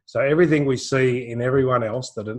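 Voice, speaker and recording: A man's voice: mid-range voice, fairly even intonation, quick pace. A man with an Australian accent, giving a live intuitive reading over a video call. He rambles casually, repeats his words and laughs often. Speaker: intuitive reader, co-host. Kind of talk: live online session, casual chat.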